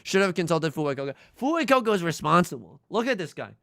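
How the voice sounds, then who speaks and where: Lively, gravelly young man streaming a game. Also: on the high side, fairly quick, no echo. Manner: playful, jokey, talks to chat. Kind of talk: live game commentary.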